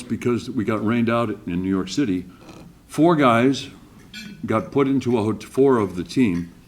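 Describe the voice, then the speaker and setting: A man's voice: fairly low pitch, a little hiss or hum. An older man hosting an awards breakfast, telling a jovial anecdote and acting out the voices in it. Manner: jovial anecdotal storyteller, acts out quotes. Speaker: awards emcee. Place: banquet room.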